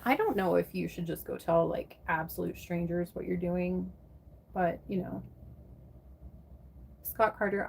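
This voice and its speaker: On her livestream, an American woman talks casually, calling out viewers by name and swearing freely. Her mid-range voice has a darkish tone and vocal fry.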